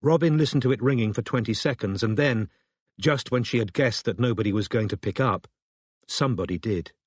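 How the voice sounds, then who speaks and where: A man's voice: mid-range voice, brisk, breathy edge, no room sound. Male audiobook narrator, dry sound.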